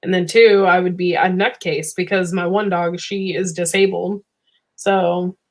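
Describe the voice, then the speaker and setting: A woman's voice: on the low side, steady tone, a little slow. Woman co-host chiming in casually. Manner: chimes in with short reactions. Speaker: livestream co-host. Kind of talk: casual chat.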